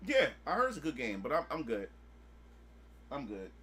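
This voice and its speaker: Bright-voiced, excitable male streamer. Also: medium pitch, moderate pace. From United States. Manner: excitable, swears freely, acts out his own past reactions. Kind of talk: casual chat on a live stream.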